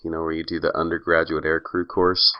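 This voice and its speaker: A man's voice: very deep voice, monotone, brisk, smooth, highs cut off. A man co-hosting a podcast in casual chat, telling stories in a wry, teasing way. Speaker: podcast co-host.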